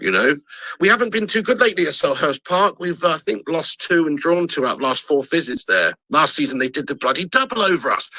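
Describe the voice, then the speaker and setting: A man giving excitable, partisan live commentary on a football match as a fan, insulting the opposing side. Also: fairly high pitch, dry recording, low-quality recording. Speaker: fan match watchalong streamer.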